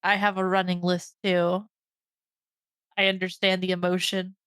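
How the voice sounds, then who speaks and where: A woman hosting a podcast, chatting casually and gushing with bubbly excitement. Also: fairly low pitch, normal speed, smooth, no room sound, studio quality. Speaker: podcast host. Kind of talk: casual chat.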